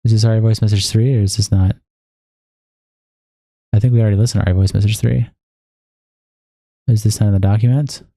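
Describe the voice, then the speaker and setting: A man's voice: fairly low pitch, steady tone, a little fast, creaky, pauses often, warm tone, no echo, clean studio sound. A man streaming live, reading chat logs aloud and commenting on them bluntly with plenty of swearing. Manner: blunt, profane and exasperated.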